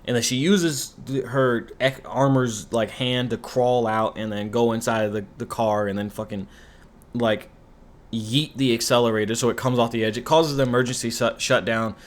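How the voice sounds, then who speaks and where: A man's voice: mid-range voice, steady tone, moderate pace. A man talks through a show's plot in a loose, rambling recap. He swears freely and turns sarcastic whenever something annoys him. His voice sits in an ordinary middle range. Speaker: commentary YouTuber. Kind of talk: ranting show recap.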